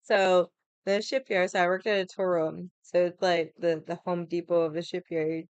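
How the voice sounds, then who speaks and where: A woman's voice: lowish voice, flat delivery, normal speed, clean tone, no echo. A young woman telling a story in a chatty, casual way, laughing and swearing as she talks. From Hawaii. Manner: irritated, stubborn storyteller. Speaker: vlogger.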